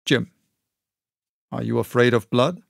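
A no-nonsense country doctor hands out orders in a crisp, brusque manner, as a male narrator plays him. He speaks slowly and firmly, a touch higher than the reader's usual voice. The sound is close and dry, as in a storybook reading. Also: fairly even intonation, dry recording. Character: brisk, stern country doctor, middle-aged man.

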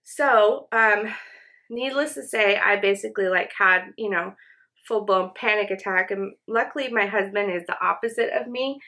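A young woman talks through her makeup routine in a loose, rambling get-ready chat at home. She fills her sentences with "um" and "you know." Her voice is bright, at an ordinary pitch. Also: moderate pace. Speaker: beauty vlogger. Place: home, indoors.

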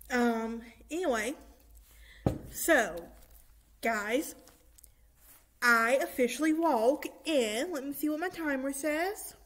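A young woman in her twenties talking casually and excitedly to her viewers, with many fillers, recording in a church room. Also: high voice. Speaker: vlogger. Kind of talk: casual vlog chat.

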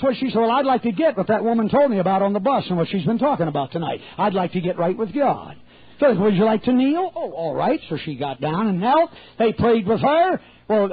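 High-voiced man preaching, husky tone, folksy storyteller, dry phone-like recording. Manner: folksy, humorous anecdotes with animated quoted voices. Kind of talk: storytelling sermon.

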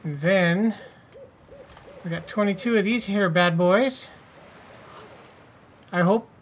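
A man's voice: sits high, slow, a little hiss or hum. Guy doing loose let's-play chat, cussing and cracking jokes, reads the game text out. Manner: joking, profane, reads game text aloud. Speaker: gaming channel host. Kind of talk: casual let's-play commentary.

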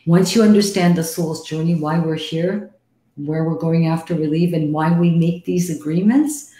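Blunt, low-voiced woman psychic host. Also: fairly even intonation, moderate pace, warm tone. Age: middle-aged. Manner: blunt and frank, swears, calls callers sweetie. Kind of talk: live call-in reading show. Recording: roomy echo.

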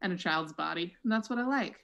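A woman's voice: lowish voice, animated, fast talker, gravelly, a bit bright, dull audio. A woman playing a smug, boastful male tech billionaire with a put-on South African accent, in an online improv comedy show. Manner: smug, mocking. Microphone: computer mic on a video call.

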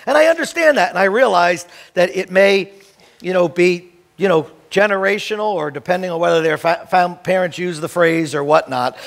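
A middle-aged pastor preaching a sermon in a high voice with a gravelly edge. He tells stories with lively energy and acts out bits of everyday talk, and he prays in a reverent tone. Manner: animated storytelling, acts out greetings; reverent prayer.

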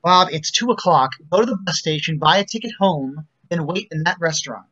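A man's voice: on the high side, expressive, a little fast, bright, forceful tone, dull audio. A man reading a stiff, exasperated male psychiatrist who speaks in a firm, clipped, controlled way, over a video call. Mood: stern.

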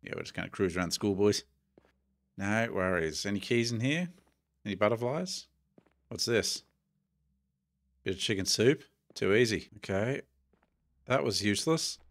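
A man's voice: on the low side, lively intonation, moderate pace, pauses often. A middle-aged man with an Australian accent gives chatty, jumpy commentary while playing a horror game and talks to his viewers. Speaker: gaming YouTuber.

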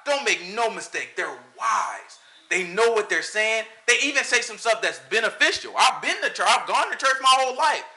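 A man giving a casual, animated sermon to a small group, slipping into impressions of other pastors. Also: high-pitched, moderate pace. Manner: animated, talks to the room, mimics pastors. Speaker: preacher.

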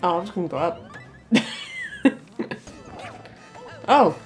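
Woman, excitable, giggly, teasing, gaming banter, bouncy pitch. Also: slow pace, soft background music. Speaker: co-host of a gaming channel. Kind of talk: casual let's-play banter.

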